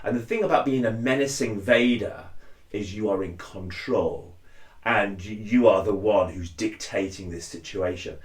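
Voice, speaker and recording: Casting: chatty man walking through a tutorial, slightly low pitch, roomy echo. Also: moderate pace. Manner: chatty, drops into deep impressions of lines. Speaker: cosplayer giving a tutorial. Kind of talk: casual spoken tutorial. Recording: echoey room.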